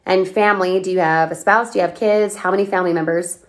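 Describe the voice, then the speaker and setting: A woman coaching on a livestream, talking energetically and firing off questions at her viewers as she reads their comments. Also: lowish voice. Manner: energetic, chatty, asks rapid questions. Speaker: online business coach.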